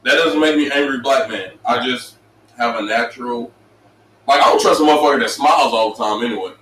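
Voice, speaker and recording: A middle-aged man co-hosting a casual podcast, telling profane, animated stories and slipping into voices for the people he quotes. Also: medium pitch, fairly quick, a little hiss or hum. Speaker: co-host. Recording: roomy, distant mic with faint ambience.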